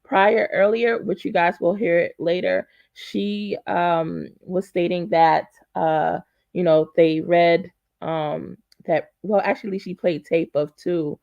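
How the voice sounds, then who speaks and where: Brief: gravelly-voiced host, rambling recap, dry and dull lo-fi sound. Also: mid-range voice, steady tone, takes it slowly, darkish tone, dry recording. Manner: rambling, filler-heavy recap. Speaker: true crime commentary host. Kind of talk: casual commentary.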